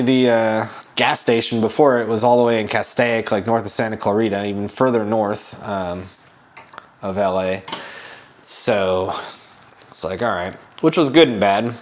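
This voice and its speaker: A young man telling a travel story in a casual, rambling way, laughing often and swearing. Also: lowish voice. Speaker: travel show host.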